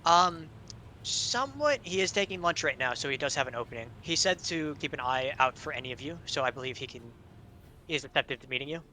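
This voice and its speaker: A man narrating as game master of an online tabletop game, relaxed and hesitant with fillers. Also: fairly high pitch, fast talker, a little hiss or hum, rough recording.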